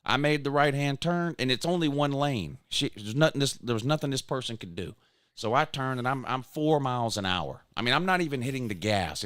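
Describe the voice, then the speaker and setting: A man in his forties tells a story on a casual chat show. His voice jumps around a lot, moving from loud outbursts to low mumbles as he mocks himself. The sound is dry and close. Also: no echo. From Georgia, US. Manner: animated, self-mocking, swings from loud outburst to mumbling. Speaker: podcast host.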